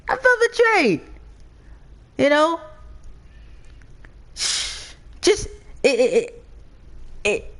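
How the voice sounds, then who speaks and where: A man hosting a wrestling game channel, talking through a casual recap, excitable, stammering and repeating words with many fillers. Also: high-pitched.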